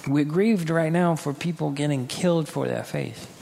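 A man's voice: fairly high pitch, normal speed, vocal fry, dark tone, slight background noise. A man preaching a sermon earnestly, acting out quoted people now and then, in a church hall. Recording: hall reverb with faint ambience.

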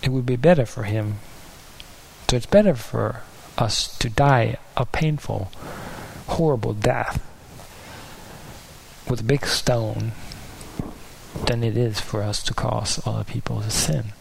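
A man's voice: mid-range voice, takes it slowly, gravelly, pauses often, a little hiss or hum, rough recording. A man preaching a sermon in an earnest, searching way, sometimes losing his place and restarting.

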